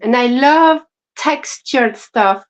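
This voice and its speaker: A woman co-hosts a livestream chat in a slow, earnest and measured way, stopping for fillers as she talks. Her voice sits a little high, and the stream audio is dull and lo-fi. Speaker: co-host.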